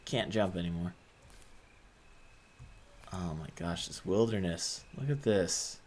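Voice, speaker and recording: A man hosting a gaming channel, giving quiet, soft-spoken let's-play commentary and musing aloud as he explores. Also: sits low, takes it slowly, a little hiss or hum.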